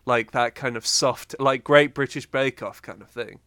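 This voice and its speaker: A man's voice: mid-range voice, fairly even intonation, normal speed, bright, forceful tone, dry recording, clean studio sound. A man co-hosting a podcast in casual chat, wry and rambling as he talks. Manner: rambling, lots of fillers and restarts, wry. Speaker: podcast co-host.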